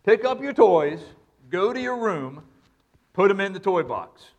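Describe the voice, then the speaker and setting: A man's voice: high-pitched, big pitch swings, a little slow, a little mellow, lo-fi sound. A man playing a stern father giving firm, clipped orders. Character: stern adult male dad giving orders.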